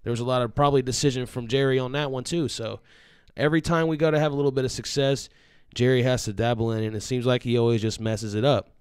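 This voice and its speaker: A man's voice: mid-range voice, fast talker, clear, resonant tone, no echo, studio quality. A man co-hosting a live fan sports show, talking casually and reading out viewer comments. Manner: casual, steady, reads out comments.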